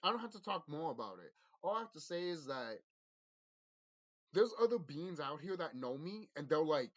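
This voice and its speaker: A man's voice: fairly high pitch, sing-song, normal speed. A man talks straight to his viewers in an intense, profane spiritual monologue, often repeating himself and restarting his sentences. His voice leaps up and down as he speaks. The recording is muffled and lo-fi. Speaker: vlogger. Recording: dull lo-fi audio.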